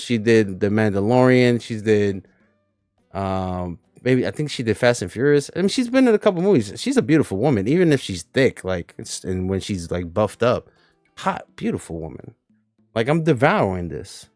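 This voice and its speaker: A man's voice: on the low side, darkish tone, no room sound, clean studio sound. A man hosting a casual reaction stream, rambling loosely with crude humor.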